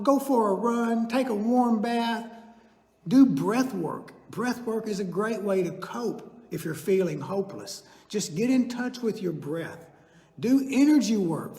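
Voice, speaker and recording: Older man, lay speaker at a church service, folksy and earnest, fairly high voice, roomy sanctuary echo. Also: darkish tone. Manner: folksy, earnest, personal storytelling. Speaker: chiropractor giving a church message. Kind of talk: sermon. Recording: echoey sanctuary with long reverb.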